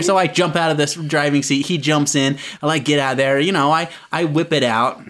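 A young man telling a comic anecdote in casual chat. He laughs often and jumps high in pitch when he acts out voices. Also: fairly even intonation, fairly quick, few pauses, a bit bright.

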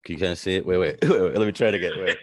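A man's voice: sits low, rapid-fire. A man hosting a podcast, playful and joking in casual chat. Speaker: podcast host.

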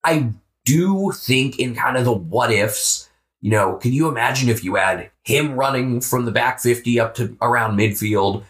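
An American man co-hosting a podcast, talking about football in a relaxed, offhand way with the odd swear. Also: medium pitch, a little slow. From United States. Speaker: podcast co-host. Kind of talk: casual sports chat.

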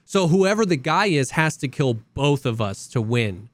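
Young man, podcast co-host, animated storytelling, higher voice, dry mic. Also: normal speed, no room sound. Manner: animated storyteller, acts out quotes. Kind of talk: casual chat.

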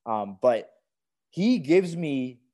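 Man, podcast co-host, casual recap chat, enthusiastic, warm mellow voice. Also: medium pitch. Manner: enthusiastic, relaxed, quick to praise.

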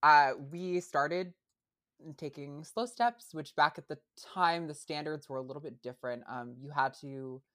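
A woman's voice: low voice, unhurried, fairly bright tone. A young adult woman, a podcast guest, chatting casually with lots of fillers and restarts. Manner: hesitant, many fillers and restarts. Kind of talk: casual interview chat.

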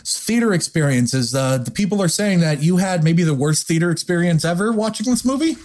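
A podcast host leading a casual chat, lively and emphatic, often laughing. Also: mid-range voice, a little fast.

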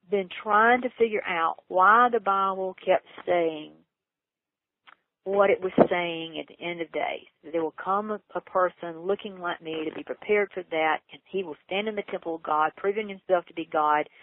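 A woman earnestly telling a personal story in an interview, her voice leaping high when she gets excited. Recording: tinny phone line, dry.

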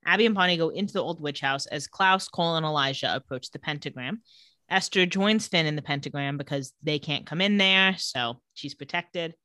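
Lowish-voiced woman recapping a show. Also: sharp tone, no room sound. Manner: retells scenes with quick quotes and laughter. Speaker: podcast co-host. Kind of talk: casual TV episode recap.

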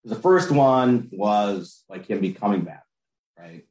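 A man's voice: on the low side, animated, a little slow, a little mellow. A man co-hosting a casual podcast chat, laid-back and rambling. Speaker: podcast co-host. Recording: roomy echo.

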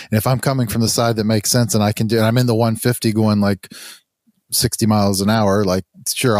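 Man, podcast co-host, low voice, loose casual delivery, dry sound. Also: a little mellow, no room sound. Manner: casual, with many filler likes.

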